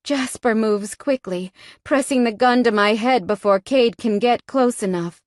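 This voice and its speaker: A woman's voice: fairly high pitch, a little slow, darkish tone, dry recording, clean studio sound. A woman narrating a romance novel in the first person, in a tense, dramatic manner. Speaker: audiobook narrator.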